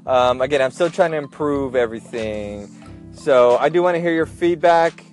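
A man's voice: medium pitch, normal speed, a little mellow, soft background music. A man hosting a casual solo podcast, chatting and joking as he repeats his advice with emphasis. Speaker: podcast host, airline gate agent.

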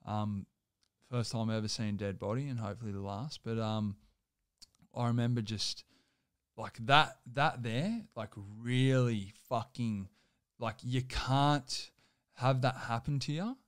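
A young man in his twenties speaks as a guest, rambling through a personal story with plenty of swearing and filler words. His voice is clear and smooth. It sits dry and close, with no room around it. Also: medium pitch, a little slow, no room sound. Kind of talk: casual storytelling.

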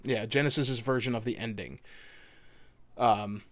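A man's voice: medium pitch, steady tone, measured pace. A young man co-hosting a podcast in loose casual chat, rambling with restarts and fillers. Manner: rambling, lots of restarts and fillers, laughs often. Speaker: podcast co-host.

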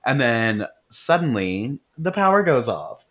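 A man's voice: medium pitch, unhurried. Man recapping a movie, profane and laughing. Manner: profane, laughing, animated storytelling. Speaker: podcast co-host. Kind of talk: casual movie recap chat.

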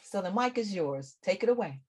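Husky, lively woman host. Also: medium pitch, brisk. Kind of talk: interview talk.

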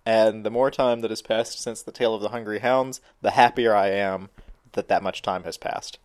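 A man's voice: fairly low pitch, steady tone, moderate pace, clear, resonant tone. A man co-hosting a podcast, recapping an episode in casual chat with dry, detailed asides. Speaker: podcast co-host.

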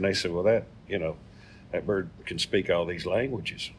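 A man's voice: deep voice, moderate pace, slight background noise. A man, co-hosting a casual chat and telling jokes in a folksy way. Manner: folksy storyteller. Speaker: co-host.

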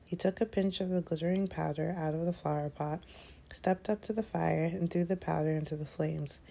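A woman reading a children's fantasy novel aloud in steady, measured narration. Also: low voice, vocal fry. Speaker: audiobook reader. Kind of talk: scripted narration.

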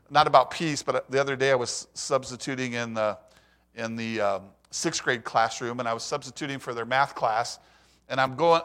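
A man's voice: medium pitch, a bit bright. An older man preaching a sermon, telling stories in a conversational way, asking the audience questions and acting out what others say. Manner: storytelling, acts out quoted voices.

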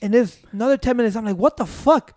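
A man's voice: very high voice, fast, a little mellow, dry recording, clean studio sound. A man telling a long, profane story in casual chat with friends, switching into Spanish and interrupting himself with "wait". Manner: rambling, profane, mixing in Spanish, keeps saying "wait".

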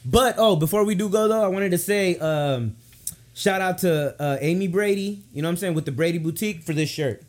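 A man's voice: high-pitched, fairly quick. A man hosting a casual podcast, laid-back and swearing freely, repeating "you know what I'm saying". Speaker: podcast host.

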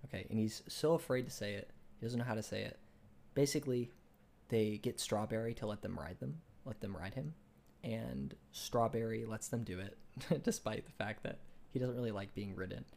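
A young man co-hosting a casual podcast, retelling a book in a rambling way with many restarts and fillers, and growing excited when he argues ideas. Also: lowish voice, moderate pace, creaky. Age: young adult. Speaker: podcast co-host.

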